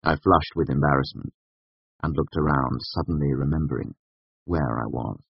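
A man calmly narrating a first-person story for an audiobook. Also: very deep voice, normal speed, vocal fry, slightly rough, dry recording. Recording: slightly dull, dry recording.

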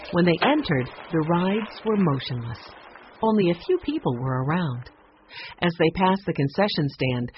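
An audiobook reader narrating a children's chapter book in an expressive, storytelling manner. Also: medium pitch, slight background noise. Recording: muffled lo-fi audiobook recording.

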